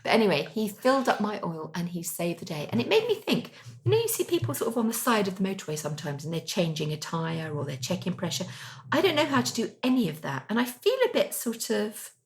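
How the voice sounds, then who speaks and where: Lively middle-aged woman telling stories. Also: medium pitch, quick pace. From England. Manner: animated storytelling, laughs often. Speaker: podcast co-host. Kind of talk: casual chat. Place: kitchen.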